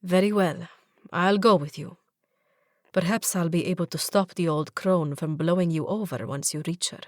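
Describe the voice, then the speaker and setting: A woman's voice: on the low side, moderate pace, a little mellow, no room sound, clean studio sound, close to an everyday voice. A woman voicing a playful, doting young prince who teases in a mock-formal way. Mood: tender.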